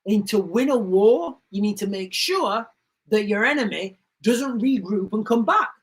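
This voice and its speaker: Hosting a casual commentary livestream, this man acts out his stories with sound effects and talks in an emphatic, repetitive way. His expressive voice sits high and keeps a measured pace, captured on a rough recording.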